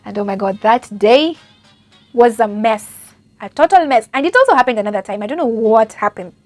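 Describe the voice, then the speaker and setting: A woman's voice: on the high side, lively intonation, normal speed, dry recording, faint music behind. A young Kenyan woman with a Kenyan accent, casually telling embarrassing stories about herself, chatty and self-mocking, laughing often between many fillers. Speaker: au pair. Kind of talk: casual storytelling vlog.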